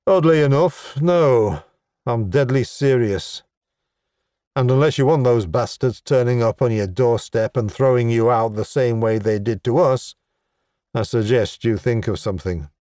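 A sly, scheming goblin chieftain, put on by a male reader speaks in a dry, wry and exasperated way. The storybook delivery is unhurried, with no room sound around it. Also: medium pitch, warm tone, no echo, close to an everyday voice.

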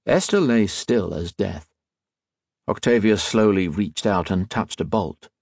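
A husky, low-voiced man narrates an audiobook, storytelling in a measured and expressive manner. The sound is clean studio audio without room sound.

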